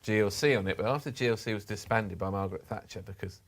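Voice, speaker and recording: A man's voice: on the low side, fast. A man hosting a podcast, chatty, chiming in with his own anecdotes and laughing along. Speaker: podcast host. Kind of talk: casual chat show conversation.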